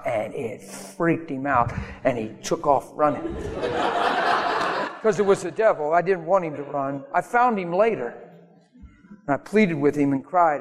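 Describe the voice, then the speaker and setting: A man preaching a sermon, telling stories in an emphatic way that rises to sudden bursts. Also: mid-range voice. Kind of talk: sermon storytelling. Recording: long hall reverb with faint music.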